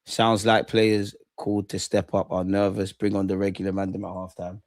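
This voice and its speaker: A young man hosting a live football watch-along, reacting excitedly, swearing at the referee and telling the players to calm down. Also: low voice, normal speed. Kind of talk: live match reaction commentary.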